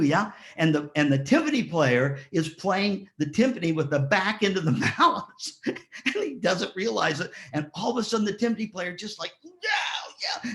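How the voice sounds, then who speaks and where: A man giving a motivational speech at a graduation ceremony, telling stories and asking the audience rhetorical questions. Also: fairly high pitch. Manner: lively storyteller, rhetorical questions, acts out quotes. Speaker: ceremony speaker.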